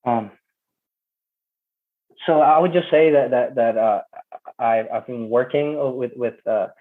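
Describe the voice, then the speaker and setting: A man's voice: mid-range voice, takes it slowly. Man rapping over a tinny line. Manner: hesitant, many fillers and restarts when talking. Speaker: interview guest. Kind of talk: rapping a spoken-word verse, then casual talk. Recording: tinny phone-like audio.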